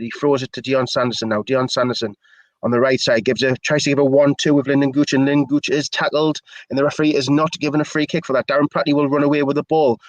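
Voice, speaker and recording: A man's voice: mid-range voice, no room sound, low-quality recording. A man giving chatty, opinionated live play-by-play commentary for a fan stream. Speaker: match commentator.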